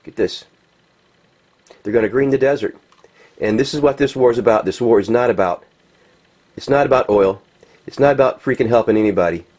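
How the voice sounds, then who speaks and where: A man rants in a heated, rambling way while he talks over pictures. He swears freely and stumbles through plenty of ums and uhs. His voice sits at an ordinary middle pitch for a man. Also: brisk, long pauses, a little mellow. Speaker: political commentator. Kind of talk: impassioned commentary over pictures.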